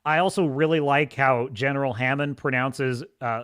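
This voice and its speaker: Animated, enthusiastic male livestream host. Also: medium pitch, normal speed. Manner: enthusiastic, rambling, laughs often. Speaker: podcast host. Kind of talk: casual livestream chat.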